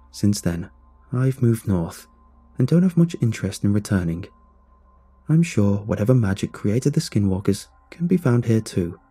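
A man tells a scripted horror story in a measured, ominous way. His voice sits low with a dark, mellow tone. There is a husky breathiness throughout. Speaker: narrator.

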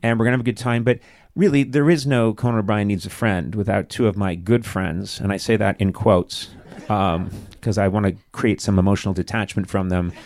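A man's voice: on the low side, fairly even intonation, brisk, darkish tone. A man in his sixties hosting a live comedy podcast, joking, riffing and poking fun at himself. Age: 60s. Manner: joking, self-mocking and riffing. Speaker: podcast host. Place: live show on a stage.

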